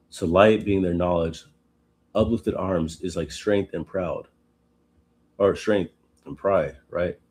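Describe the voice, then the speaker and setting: A man hosting a live Bible study, reading scripture slowly and breaking off into casual, animated asides. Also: low voice. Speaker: host.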